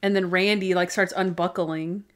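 A woman co-hosting a podcast in casual chat, animated and laughing often as she retells favorite scenes. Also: lowish voice, moderate pace. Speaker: podcast co-host.

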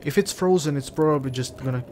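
A man's voice: a little high, quick pace, a little mellow, a little hiss or hum. A man casually commenting on his own survival game as he plays, muttering to himself and talking to the game. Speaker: let's play gamer.

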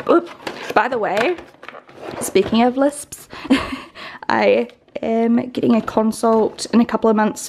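A woman's voice: on the high side, darkish tone, a little hiss or hum. A young woman from New Zealand vlogging at home in a casual, rambling way, with lots of "like" and "um" and a slight lisp. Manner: chatty, rambling, with many "like" and "um" fillers. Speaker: beauty vlogger. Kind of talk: casual vlog chat.

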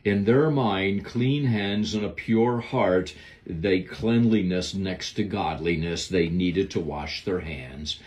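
A man's voice: deep voice, slow pace, a little mellow. A man giving a devotional Bible lesson, preaching in an earnest, emphatic way. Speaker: Bible teacher.

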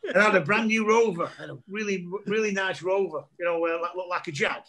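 A man's voice: high-pitched, quick pace, a loud crowd. A middle-aged man, a comedian guest telling rambling anecdotes over a video call and laughing often. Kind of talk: casual storytelling chat over a video call.

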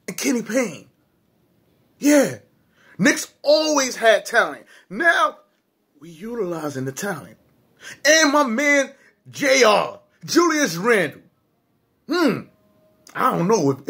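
A man from New ranting as a sports vlogger, profane and excited, swinging between loud hype and low, muttered asides. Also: husky. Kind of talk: fired-up fan rant.

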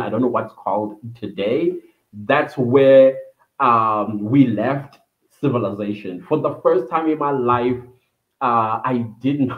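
Male vlogger telling a story, mid-pitched, rambling, tinny phone-like sound in an echoey room. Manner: reminiscing, meandering with fillers. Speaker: vlogger hosting a livestream. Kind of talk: personal storytelling.

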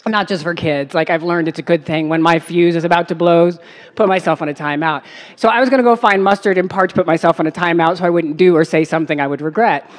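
A woman activist telling a personal road-trip story on a music festival stage, animated, full of fillers and easy laughter. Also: lowish voice, fast talker. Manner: animated, many fillers and likes, breaks into laughs. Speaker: activist speaker. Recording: long reverb of a big space.

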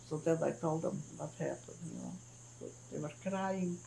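An older woman from Hungary recounts her life in a recorded interview. Her voice has a gravelly fry, and she talks in halting bursts, restarting phrases and murmuring soft "mm-hmm"s. She slips into the voices of her family when she retells what they said. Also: deep voice, rough recording. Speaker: Holocaust survivor giving testimony. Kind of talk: recorded oral history interview.

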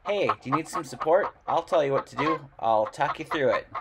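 A man's voice: on the high side, lively intonation, brisk, heavy background noise, voice pushed up. A man voicing a friendly hen eager to talk another hen through laying. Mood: helpful. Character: helpful hen offering support.

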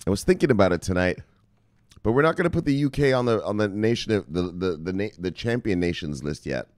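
Deep-voiced and fast-talking, this crypto news host reads out headlines and riffs on each one, animated, profane and cracking jokes on the side. The recording has no echo.

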